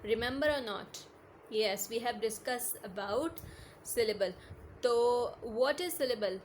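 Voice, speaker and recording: Woman, online teacher, higher voice, faint noise behind, repetitive checks. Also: measured pace. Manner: patient, repetitive, asks "is that clear?" often; mixes English with Hindi-Urdu phrases. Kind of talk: online classroom lesson.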